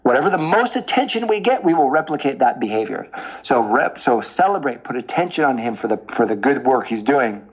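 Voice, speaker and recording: A man being interviewed as a dating coach, explaining with lively stories and examples. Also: mid-range voice, brisk, husky, muffled recording. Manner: animated storyteller, explains with examples. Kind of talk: podcast interview.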